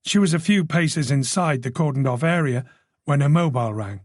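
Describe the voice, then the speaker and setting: A man reading a thriller audiobook in measured, scripted narration. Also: fairly high pitch, dry recording, studio quality. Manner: measured, even storytelling.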